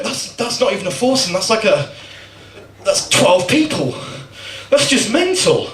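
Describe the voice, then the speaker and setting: A young man from the West Midlands of England rambling through a crude, self-mocking stand-up set. His voice sits high and sounds bright and sharp. It is caught from some distance and rings around an echoey venue. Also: very animated, moderate pace. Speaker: stand-up comedian and host. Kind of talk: stand-up comedy. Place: comedy night at a cinema venue. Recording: echoey venue, mic heard from afar.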